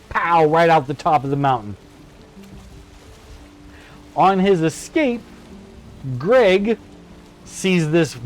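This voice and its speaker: A man streaming a co-op game, chatting casually and telling a myth in a playful, animated way. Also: fairly high pitch. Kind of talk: casual gameplay chat with storytelling.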